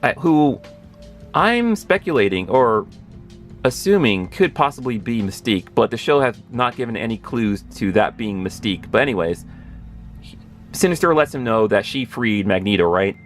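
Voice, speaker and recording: A man in his thirties gushing through a casual episode recap, rambling and correcting himself as he gets excited. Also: mid-range voice, moderate pace, faint music behind. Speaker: pop culture video host.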